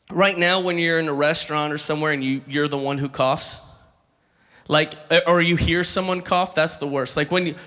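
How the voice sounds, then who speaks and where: A man's voice: high voice, sharp tone. A man in his thirties giving a humorous youth sermon, telling jokes and calling for responses from the crowd. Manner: joking storyteller, calls for crowd responses. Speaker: youth ministry speaker. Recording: long hall reverb.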